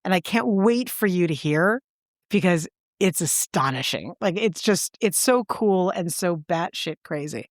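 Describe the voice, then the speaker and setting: A woman with a lowish voice tells a story in casual chat, eager and animated. She jumps up in pitch to stress her words. The recording is dry and close. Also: a little slow, no echo. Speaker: podcast co-host.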